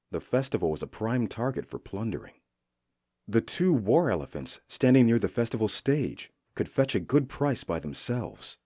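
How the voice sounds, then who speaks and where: A man narrating a fantasy audiobook with expressive storytelling. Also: on the low side, slightly rough.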